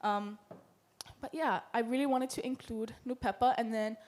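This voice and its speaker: A woman's voice: fairly high pitch, fairly even intonation, moderate pace, a little mellow. Young Hawaiian woman presenting earnestly. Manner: earnest and heartfelt, weaving in Hawaiian words. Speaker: student presenter. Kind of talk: symposium presentation. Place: lecture hall.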